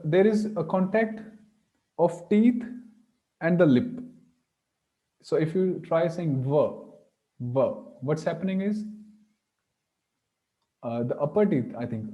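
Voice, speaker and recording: A man's voice: fairly high pitch, unhurried, long pauses, mellow, lo-fi sound. A man teaching Sanskrit pronunciation, patiently sounding out each letter aloud. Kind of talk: online class explanation.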